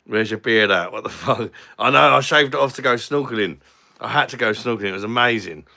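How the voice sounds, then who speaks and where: A man's voice: mid-range voice, fairly quick, vocal fry, bright, forceful tone. A young Englishman hosting a casual live stream, chatting and joking with viewers as he reads their comments. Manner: chatty and jokey, swears casually.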